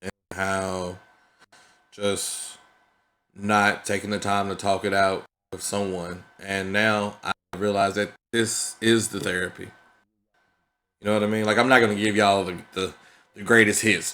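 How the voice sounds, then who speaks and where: Man, low-pitched, bright forceful tone, earnest reflective vlog talk, conversational. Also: level tone, moderate pace. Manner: earnest and conversational, peppered with "you know what I mean". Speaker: vlogger.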